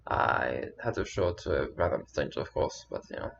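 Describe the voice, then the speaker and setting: A man telling a personal story to camera in a rambling, halting way, with many fillers and restarts. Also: a bass voice, lively intonation, vocal fry, a bit bright, highs cut off, slight background noise. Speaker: vlogger.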